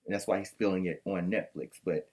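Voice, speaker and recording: A man's voice: low-pitched, fairly even intonation, a little fast, dark tone. A man hosting a casual recap podcast, ranting in a sassy, profane, exasperated way. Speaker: podcast host recapping a reunion. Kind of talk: casual commentary with clips.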